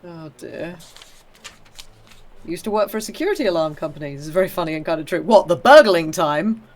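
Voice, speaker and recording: A woman's voice: on the low side, fast, a little mellow, a little hiss or hum. A woman co-hosting a live game stream, chatting and reading viewer comments aloud. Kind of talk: casual chat on a live stream.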